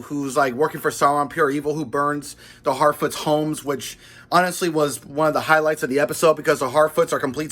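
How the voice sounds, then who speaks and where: A man's voice: fairly high pitch, a bit bright. A man hosting his own channel, giving a blunt, dismissive and complaining spoken review of a TV episode in a casual, unscripted way. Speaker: host of a pop-culture review channel.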